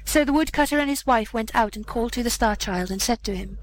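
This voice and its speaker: A woman's voice: a little high, slight background noise, rough recording. Woman narrating an old fairy tale. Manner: measured, old-fashioned storytelling. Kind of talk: storybook reading of a fairy tale.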